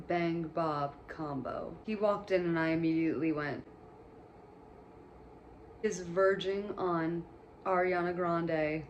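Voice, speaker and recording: A woman with a fairly low voice talks through a film in a loose, chatty way, gushing and cracking jokes. A faint hiss sits under her voice. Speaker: movie reviewer. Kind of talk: casual movie commentary.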